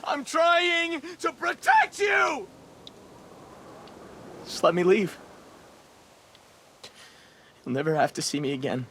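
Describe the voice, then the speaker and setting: A man voicing a desperate, volatile teenage boy in a video game, shouting and pleading. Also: a little high, measured pace, long pauses, a little hiss or hum, natural voice.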